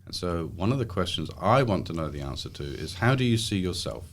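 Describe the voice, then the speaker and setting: Very deep-voiced English man, gently coaxing. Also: very animated, a little fast. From England. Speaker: host interviewing his daughter. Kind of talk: casual interview.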